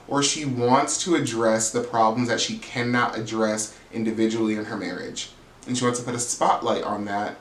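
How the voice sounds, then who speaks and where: A man's voice: mid-range voice, reverberant, slight background noise, low-quality recording. A man giving a casual, gossipy, profane recap of a reality TV episode, sassy and chatty as he talks straight to his viewers. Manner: sassy, profane, chatty, calls people "girl".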